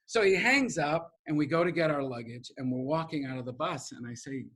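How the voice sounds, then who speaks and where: As an interview guest, a middle-aged man with a New York accent tells a heartfelt story, emotional and animated, acting out the people he quotes. His voice sits on the high side with a breathy edge, and he talks a little fast with hardly any pauses.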